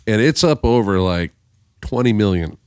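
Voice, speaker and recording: A man's voice: on the low side, animated, moderate pace, darkish tone, no room sound, studio quality. A man telling a long story in a casual podcast chat, swearing freely and acting out the voices of the people he quotes. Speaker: podcast guest musician.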